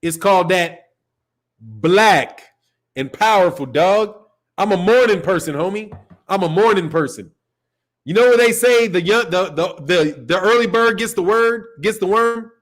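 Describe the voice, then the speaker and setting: A Chicago man with a Chicago accent hosts a boxing channel's live stream, ranting casually in a loose, profane, rambling way and laughing often. His high voice is animated, a bit bright, and a little slow.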